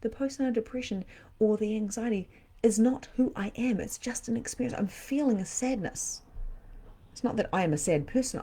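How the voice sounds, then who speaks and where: A middle-aged woman hosting a live-stream card reading as a spiritual medium, often dropping into a soft whisper. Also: on the high side, moderate pace, breathy edge.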